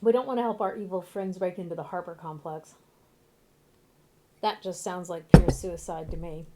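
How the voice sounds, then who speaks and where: A woman's voice: on the low side, fairly even intonation, moderate pace, background noise. A woman streaming a video game, chatting casually and bluntly, now and then swearing. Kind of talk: casual gameplay commentary.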